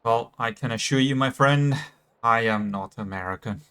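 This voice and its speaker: A British man commentates his game stream in an easy, chatty way. His voice sits at a middling pitch for a man, and he laughs often and trips over restarts as he thinks aloud. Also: moderate pace, sharp tone, clear, resonant tone. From Britain. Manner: chatty, laughs easily, self-correcting restarts. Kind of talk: casual gameplay commentary.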